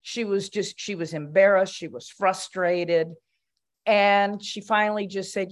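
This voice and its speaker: A woman's voice: mid-range voice, steady tone, measured pace. An older woman, a commission member, giving a spoken reflection at a meeting in a conversational storytelling way, with fillers and restarts.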